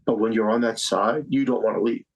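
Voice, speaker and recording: A man's voice: lowish voice, fairly even intonation, fairly quick, highs cut off. A man in his fifties from Staten Island, a psychic medium guest telling a personal story in conversation, earnest and repeating phrases for emphasis. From Staten Island, New York. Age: 50s.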